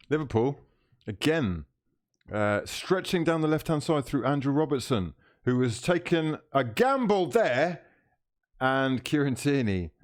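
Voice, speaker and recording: A man's voice: medium pitch, very animated, slow pace. A man hosting a live football watchalong stream, reading out chat comments, teasing viewers and laughing often.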